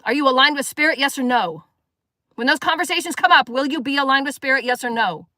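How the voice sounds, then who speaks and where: A woman's voice: high voice, fast, bright, forceful tone, dry recording, clean studio sound. A woman giving a live spiritual sermon, preaching emphatically and firing rhetorical questions at her listeners. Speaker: spiritual teacher.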